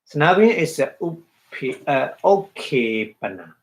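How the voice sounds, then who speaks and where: A man giving a dharma talk as a Buddhist meditation teacher, halting, repeating phrases and checking in with his listeners. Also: on the high side, sing-song, poor audio.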